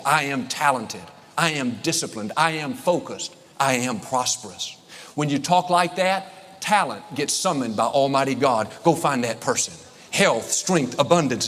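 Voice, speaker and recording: A middle-aged man preaching a sermon, upbeat and emphatic, drawing out affirmations slowly. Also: on the high side. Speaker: pastor. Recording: long hall reverb, faint noise.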